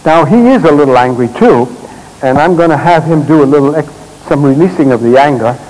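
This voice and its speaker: A man leading a live therapy demonstration on a stage, giving gentle, directive instructions in short commands and explaining to the audience as he works. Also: on the high side, a little fast, low-quality recording. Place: stage at a congress.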